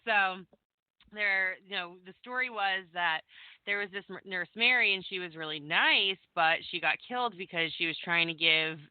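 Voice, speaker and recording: A woman's voice: medium pitch, normal speed, smooth, dry recording. A woman from Vermont and New Jersey, a radio guest telling a ghost story with lots of "like" fillers. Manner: chatty, many "like" fillers, acts out her teen self. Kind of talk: casual storytelling on a call-in radio show. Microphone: phone call. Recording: tinny phone line, dry.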